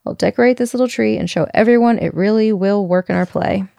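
Gloomy self-doubting young boy from a storybook, read by a woman; gravelly, dry. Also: medium pitch, quick pace, mellow, no echo, natural voice. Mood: glum.

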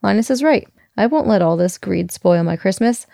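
Gloomy self-doubting young boy from a storybook, read by a woman; gravelly, dry. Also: medium pitch, lively intonation, moderate pace, warm tone, no echo. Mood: glum.

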